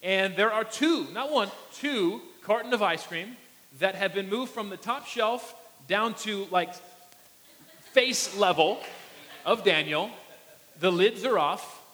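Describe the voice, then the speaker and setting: A man preaching a sermon and telling a family story in an animated way, acting out his small son's voice. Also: high voice, slow. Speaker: pastor. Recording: long reverb of a large hall.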